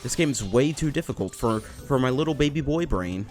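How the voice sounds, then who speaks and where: A man giving casual let's play commentary, excitable and self-mocking, swearing and laughing often into a desk microphone. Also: mid-range voice, moderate pace, faint music behind. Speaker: gameplay commentator.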